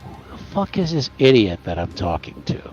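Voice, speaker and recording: A furious gang boss bellowing threats down a phone line, as a man puts him on. His voice is raised in pitch and rough with grit. The recording is dull and lo-fi, with faint music underneath. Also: animated, slow pace. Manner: shouting, raging threats.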